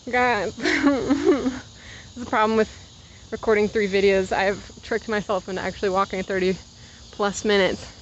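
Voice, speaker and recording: A woman's voice: mid-range voice, little pitch movement, brisk, few pauses, muffled recording, slight background noise. A woman in her twenties chatting casually while walking outdoors, rambling through side stories and a little out of breath. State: slightly out of breath from walking uphill. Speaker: vlogger. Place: outdoors on a walk.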